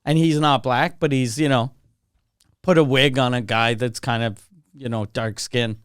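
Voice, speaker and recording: A man co-hosting a podcast in casual chat, telling stories in an animated way and acting out quotes. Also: medium pitch, measured pace, clean tone, dry recording, clean studio sound. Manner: animated storytelling, acts out quotes. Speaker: podcast co-host.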